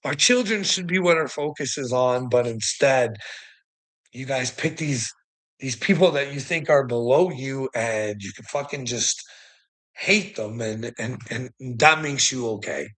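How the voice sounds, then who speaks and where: A man's voice: mid-range voice, unhurried, a bit bright, low-quality recording. Profane, ranting man streamer. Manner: profane, rambling and exasperated. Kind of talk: casual livestream rant.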